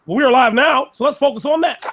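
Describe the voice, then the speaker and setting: A man with a notably high voice rants in blunt, profane bursts. He is co-hosting a loose, casual discussion. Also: fast talker, fairly bright tone, soft background music. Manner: blunt, ranting, heavy swearing. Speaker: podcast co-host.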